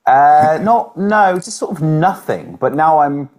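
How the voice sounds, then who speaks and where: A man's voice: fairly high pitch, lively intonation, takes it slowly, a little mellow. A man, a musician co-hosting a podcast, chatting in a wordy, self-mocking way. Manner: wordy, self-deprecating, rambling with fillers. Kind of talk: casual chat.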